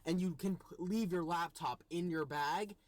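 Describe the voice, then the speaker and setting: A man with a fairly high voice tells a casual story. He sounds exasperated, and he acts out the other people in it. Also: normal speed. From United States. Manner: exasperated, animated retelling with voiced quotes. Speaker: co-host.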